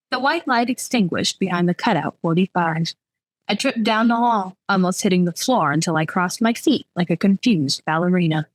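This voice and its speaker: A woman author reading her own novel aloud in lively, expressive first-person narration. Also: fairly low pitch, normal speed, no echo.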